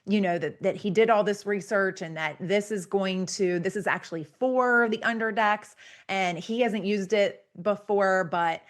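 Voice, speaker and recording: A woman's voice: mid-range voice, a little slow. A woman podcast host telling a personal story in a chatty, rambling way, full of filler words.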